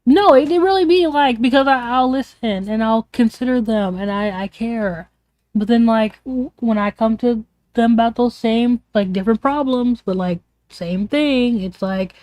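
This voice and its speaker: A woman's voice: fairly high pitch, moderate pace, warm tone, no room sound. A young woman streamer venting in a casual, rambling way, emotional and swearing often.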